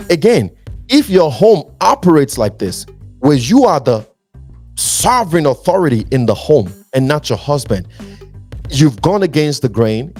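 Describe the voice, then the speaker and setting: A man's voice: medium pitch, a little mellow. A man hosting a relationship podcast, giving earnest, emphatic advice and repeating his points. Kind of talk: preachy relationship advice talk.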